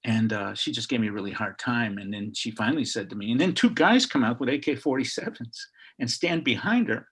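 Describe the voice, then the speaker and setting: An older man from Chicago, a historian guest on a video call, telling a story in a lively way and acting out the people he quotes. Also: medium pitch, a little fast, husky. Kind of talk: animated storytelling.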